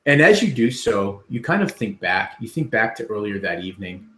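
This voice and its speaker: A man's voice: lowish voice, very animated, normal speed, sharp tone. A man narrating scenes as game master of a tabletop game, with many ums and restarts.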